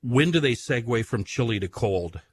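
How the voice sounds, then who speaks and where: A man's voice: mid-range voice, expressive, moderate pace, husky. A man hosting a radio talk show, griping about pet peeves with mock outrage. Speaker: radio host. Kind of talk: casual radio chat.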